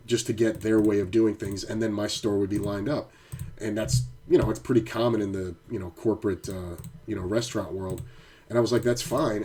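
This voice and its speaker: A man's voice: lowish voice, dark tone, slight background noise. A middle-aged man streaming poker from home, chatting casually and ranting with heavy swearing. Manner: profane, ranting storyteller. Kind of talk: casual live-stream chat.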